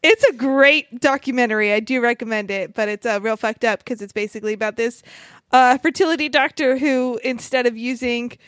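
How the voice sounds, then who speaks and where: A woman co-hosting a casual podcast, telling a story in a relaxed way with small giggles. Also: on the high side, brisk, dry recording, clean studio sound. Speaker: podcast co-host. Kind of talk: casual chat.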